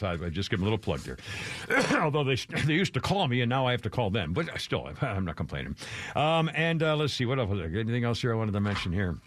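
A man's voice: fairly bright tone, no room sound. A male radio host telling stories in casual banter, rambling and chuckling as he goes. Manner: rambling, chuckling, wide swings of pitch.

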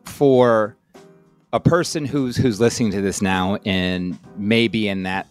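Relaxed low-voiced male podcast host. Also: takes it slowly, clean tone, faint music behind. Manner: relaxed, thinks aloud with restarts. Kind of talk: conversational interview.

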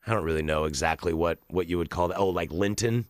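A man co-hosting a casual podcast, telling animated stories and acting out his customers. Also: deep voice, fast, smooth, no echo, clean studio sound. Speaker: podcast co-host, bartender. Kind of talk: casual chat.

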